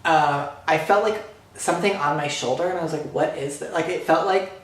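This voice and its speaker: A young man vlogger excitedly retelling a fan encounter story, gushing and breathless, full of fillers. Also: a little high, brisk. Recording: very echoey room.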